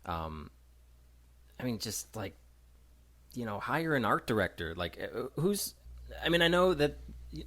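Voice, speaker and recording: A man's voice: medium pitch, very animated, measured pace, long pauses, bright, forceful tone. A man co-hosting a movie podcast, rambling and emphatic in casual chat and laughing often. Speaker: podcast co-host.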